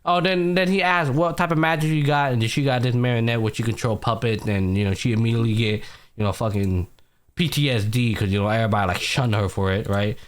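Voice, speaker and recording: A man's voice: medium pitch, fast, clean tone. A young man with a mid-range voice chats casually on a podcast, walking through anime episodes scene by scene. He jumps into the characters' lines as he retells them, and his talk is loose and full of slang and the odd curse. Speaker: podcast host. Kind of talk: casual anime recap chat.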